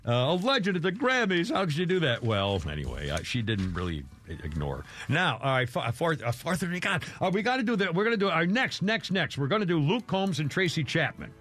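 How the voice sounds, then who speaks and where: A man's voice: fairly high pitch, sing-song, a little fast, few pauses, a bit bright. A man hosting a radio show in casual banter, rambling and joking, laughing often.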